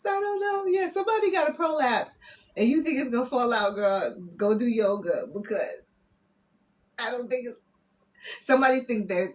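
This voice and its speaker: A woman reading spiritual messages on a live stream, loud and playful, laughing often as she teases her viewers. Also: a little high, sing-song, normal speed. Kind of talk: casual live-stream chat.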